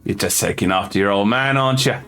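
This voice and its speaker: A man voicing a gruff, blunt older male sailor, an old family friend lamed by a badly healed leg wound. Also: lowish voice, fast, sharp tone, soft background music. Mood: hearty. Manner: blunt, salty sailor talk.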